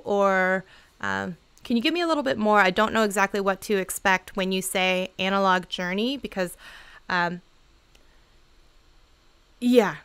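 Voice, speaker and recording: A woman's voice: medium pitch, fairly bright tone, clean tone. A woman chatting casually on a livestream, giving channel advice in a bubbly, talkative way and laughing often. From Seattle area.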